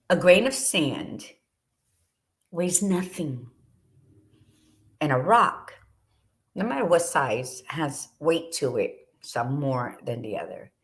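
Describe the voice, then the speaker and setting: Low-voiced passionate middle-aged woman. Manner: passionate, candid, swears freely. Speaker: podcast co-host. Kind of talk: casual motivational talk.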